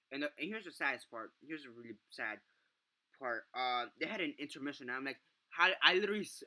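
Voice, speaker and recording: A young man with a strikingly bright, forceful voice rants through a film review. He swears freely and piles up fillers and false starts in loose, exasperated chat. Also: medium pitch, fast. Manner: profane, exasperated ranting with many fillers and restarts. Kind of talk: casual ranting review.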